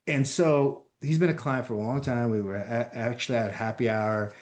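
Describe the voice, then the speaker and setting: A man giving an energetic training presentation as a company founder, talking directly to his audience. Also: mid-range voice, normal speed. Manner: energetic, addresses audience as folks.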